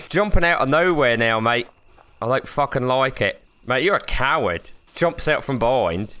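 Excitable gamer, lively and bright. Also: male voice, medium pitch, measured pace. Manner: swearing, excitable, jokey, yelps when startled. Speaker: gaming YouTuber. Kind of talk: horror game commentary.

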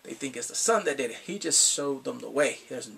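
A man's voice: medium pitch, expressive, fairly quick, gravelly, bright, forceful tone, husky, distant mic. A man casually recapping and reviewing a TV episode, laughing often and acting out characters' lines.

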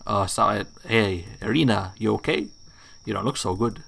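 A man's voice: lowish voice, moderate pace, vocal fry, a bit bright, exaggerated voice. A man reading the reassuring lines of a caring friend in his own plain voice.

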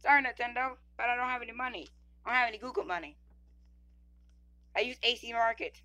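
A woman's voice: fairly high pitch, fast talker, pushed and bright. A woman giving casual gameplay commentary, stammering, repeating words and reading the screen text aloud.

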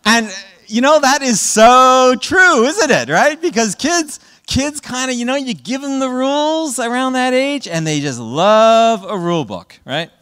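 A man giving a public talk to parents, an animated storyteller who often checks in with "right?" and acts out what children say. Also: very high-pitched, a little slow, clean tone, big-room sound. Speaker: guest speaker. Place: presentation hall.

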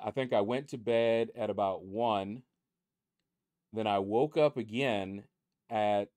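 Slow, low-voiced man chatting about his game. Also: a little mellow, dry recording, clean studio sound. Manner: rambling, easygoing. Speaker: mobile game channel host. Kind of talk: casual chat over game leaderboards. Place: downstairs room at home.

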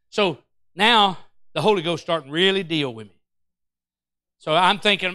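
A preacher man tells a story from the pulpit, his voice high and bright. He acts out every quote with big swings, breaking off to call out to his church. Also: a little slow, long pauses, dry recording. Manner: animated, acts out quotes, Pentecostal call-outs. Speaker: pastor. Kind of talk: storytelling sermon.

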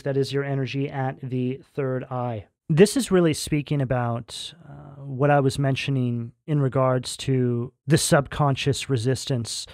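A man doing a tarot reading in a loose, conversational way, often checking in with "right?" and filling pauses with "um". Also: medium pitch, darkish tone, no room sound, studio quality. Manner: conversational, keeps asking "right?", fillers. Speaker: tarot reader. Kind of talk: casual tarot reading monologue.

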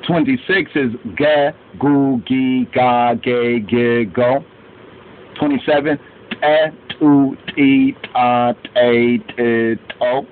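A man's voice: mid-range voice, steady tone. A man teaching an alphabet, chanting each row of syllables and adding short explanations. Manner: slow, chanting drills of syllables with asides. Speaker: language teacher. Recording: tinny lo-fi phone-like recording with faint hiss.

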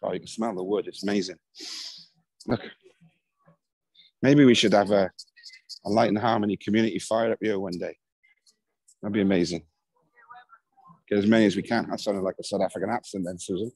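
A man hosting a spiritual live stream from a hilltop at night, talking in a gentle, thankful, rambling way full of fillers, into a handheld phone. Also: on the low side, steady tone, a little fast, long pauses, slightly rough, dry recording, rough recording. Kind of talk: casual live-stream chat.

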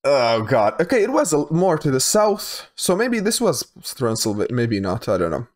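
A man's voice: mid-range voice, wildly swooping pitch, moderate pace. A young man giving casual commentary while he plays a geography guessing game, thinking aloud with hesitant, repeated words. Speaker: game streamer.

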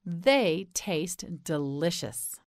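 An American woman teaching English pronunciation in a slow, scripted lesson, patiently repeating each word and encouraging the learner. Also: lowish voice, expressive, no room sound, clean studio sound.

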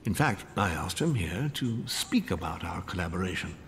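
An actor playing a scheming male lord who formally flatters his guests in a story game. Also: sits low, normal speed, slight background noise. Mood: flattering. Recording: game audio with long hall reverb.

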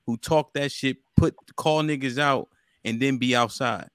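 A man's voice: mid-range voice, fairly even intonation, unhurried, fairly bright tone, clean tone, no room sound, studio quality. Blunt, casual male podcast host. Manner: blunt, profane, conversational. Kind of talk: casual panel discussion.

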